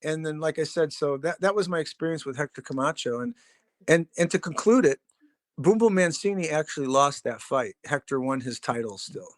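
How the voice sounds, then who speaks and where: A man's voice: on the high side, lively intonation, fairly quick, no echo, clean studio sound. Rambling, profane middle-aged male storyteller. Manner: rambling, profane, laid-back storyteller with many fillers. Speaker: podcast guest, drummer. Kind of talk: casual storytelling.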